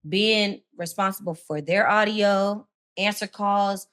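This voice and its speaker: A young woman, a radio personality and guest, telling her story in a casual, animated way with heavy slang and swearing. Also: medium pitch, takes it slowly. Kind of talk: casual chat.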